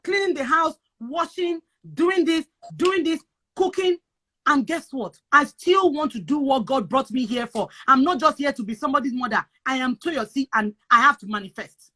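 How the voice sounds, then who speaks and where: Woman, Nigerian accent, high voice, emphatic, preachy, casual chat. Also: moderate pace, a bit bright. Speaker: guest sharing advice on moving abroad.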